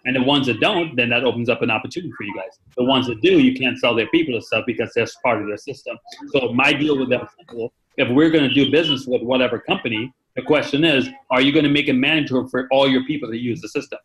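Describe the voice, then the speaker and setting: A man's voice: medium pitch, quick pace, few pauses, a bit bright, slight background noise, poor audio. A man hosting a conference call, chatty and rambling, with many fillers and restarts. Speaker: meeting host. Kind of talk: casual conference call talk.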